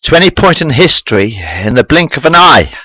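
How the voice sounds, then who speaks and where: A man's voice: mid-range voice, big pitch swings, brisk, bright, forceful tone, slightly rough, no room sound, full character voice, rough recording. Man doing a self-assured starship captain. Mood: proud. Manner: hesitant with uh fillers. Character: confident male starship captain full of surprises. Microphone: webcam.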